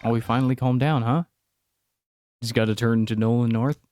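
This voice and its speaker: A man's voice: mid-range voice, fairly even intonation, brisk, a little mellow, no room sound, soft background music. A man streaming a video game, making offhand, self-deprecating commentary as he plays. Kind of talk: casual gameplay commentary.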